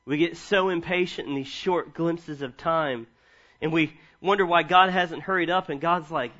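A man's voice: a little high, normal speed, highs cut off. A man in his thirties preaching a sermon, reading scripture and telling funny stories from family life. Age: 30s. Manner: animated storytelling with humor. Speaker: pastor.

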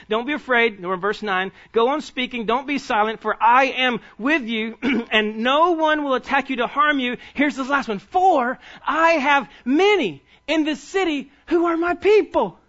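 A man's voice: very high-pitched, moderate pace, a bit bright, muffled recording. A man preaching a sermon as pastor, emphatic and urging his congregation to listen closely. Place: church sanctuary.

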